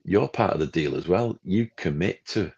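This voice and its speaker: Gravelly man, podcast co-host, animated ranter, muffled stream audio. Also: sits low, moderate pace. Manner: animated, ranting, acts out quoted people. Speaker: film club co-host. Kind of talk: casual podcast chat. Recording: dull lo-fi livestream audio.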